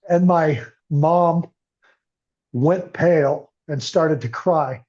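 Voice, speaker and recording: Fairly high-pitched yet darkish, an older man's voice moves slowly as he tells his recovery story as a podcast interview guest. He sounds earnest and emotional, captured on muffled, lo-fi audio.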